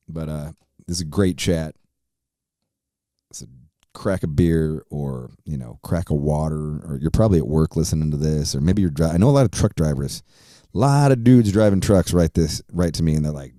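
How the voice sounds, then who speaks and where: Low, dark-voiced profane podcast host. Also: male voice, no room sound, clean studio sound. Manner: profane, rambling, laid-back. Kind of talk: casual podcast chat.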